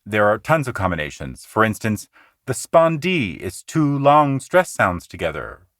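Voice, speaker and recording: A man hosting a poetry podcast, explaining meter in an earnest, conversational teaching manner that shifts between quick asides and slow, deliberate reading. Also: fairly low pitch, sing-song, a bit bright, no room sound, clean studio sound. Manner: earnest, explanatory, slows down to recite lines rhythmically.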